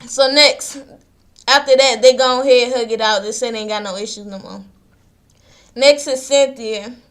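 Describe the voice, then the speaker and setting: A high-voiced woman, chatting through a reality show recap. She talks loosely and slangily and slips into quoted voices as she retells the scenes. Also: steady tone, normal speed, a bit bright. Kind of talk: casual episode recap.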